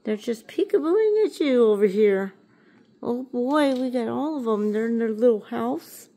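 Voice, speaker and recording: A woman's voice: fairly high pitch, a little slow, mellow. Cooing woman in sing-song pet baby talk. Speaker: pet owner filming her rabbit.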